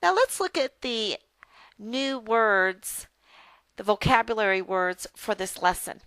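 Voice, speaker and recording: A woman teaching a phonics lesson as a reading tutor, speaking slowly and carefully and repeating words for pronunciation. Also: a little high, big pitch swings, a bit bright, clear, resonant tone, dry recording.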